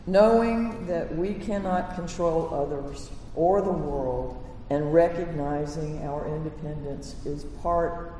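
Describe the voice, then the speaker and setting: A male minister delivers a reflective sermon, slow and thoughtful, pausing to gather his words. His voice sits slightly high and mellow. He is heard from well back in a long, reverberant hall with a faint room hum. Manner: slow, reflective preaching with pauses and fillers. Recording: echoey hall from far off.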